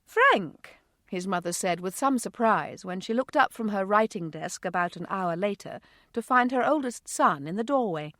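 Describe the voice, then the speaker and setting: A woman narrates an audiobook expressively from a script. Her voice is medium in pitch and moderately paced, and the clean studio recording has no room sound.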